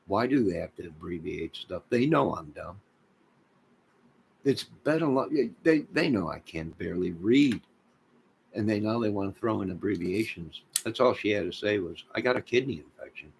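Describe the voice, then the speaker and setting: Deep gravelly man rambling on a livestream. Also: moderate pace, slight background noise, low-quality recording. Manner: rambling, joking and deadpan, talking to viewers in chat. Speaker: livestream host. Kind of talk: rambling casual livestream chat with chat members.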